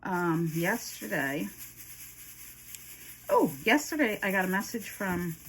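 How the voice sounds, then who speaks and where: A woman's voice: mid-range voice, expressive, slow pace, a little hiss or hum. A woman vlogging her craft hobby in a casual, rambling chat to camera, often laughing.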